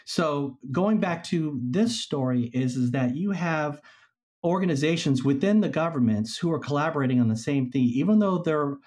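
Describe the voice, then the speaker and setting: A man's voice: on the high side, moderate pace. A man as a podcast guest, telling a historical story casually and acting out the people he quotes. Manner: animated storyteller, acts out quoted figures.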